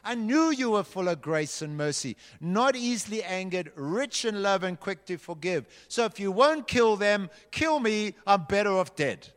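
An angry prophet howls his complaint, voice pushed high and raw with self-pity, done by a man. The shouting rings out through a big reverberant hall. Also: expressive, moderate pace, few pauses, clean tone. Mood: furious. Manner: yelling, bitter, self-pitying. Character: furious sulking prophet, grown man.

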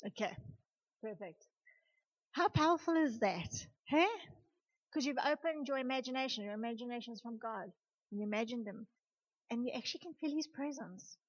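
Woman youth leader preaching, lively and chatty, kinda husky, higher voice, dull lo-fi sound. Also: normal speed, long pauses. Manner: animated, talks straight to the group. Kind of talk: youth sermon. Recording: dull lo-fi recording.

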